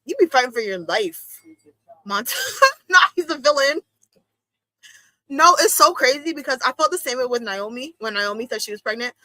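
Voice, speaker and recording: Chatty young woman with a bright, sharp voice. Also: lively intonation, normal speed, long pauses, no echo. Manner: chatty and slangy, reacting with big swoops into high exclamations. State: itchy watery eyes from allergies. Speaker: streamer hosting a wrestling watch-along. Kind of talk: casual live-stream commentary.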